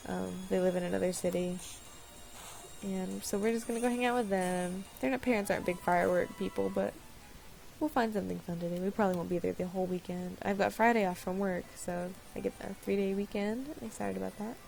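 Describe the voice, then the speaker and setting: A woman's voice: mid-range voice, steady tone, fairly quick, vocal fry, darkish tone, soft background music, low-quality recording. A woman giving casual, rambling commentary while playing a game, often apologizing and laughing at herself. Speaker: let's-play host.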